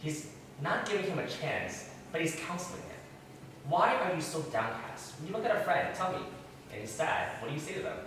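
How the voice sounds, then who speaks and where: A man teaches a church class, firing questions at the group in an animated, up-and-down voice. He sits well back from the mic, and the room rings with heavy echo over a faint hiss. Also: on the high side, fairly quick. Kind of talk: interactive Bible teaching. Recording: very echoey room, far from mic.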